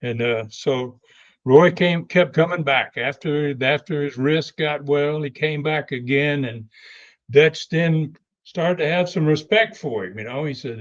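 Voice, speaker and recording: An older man and guest telling a long anecdotal story, unhurried and full of fillers and restarts. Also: fairly high pitch, muffled recording. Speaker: wrestling legend guest.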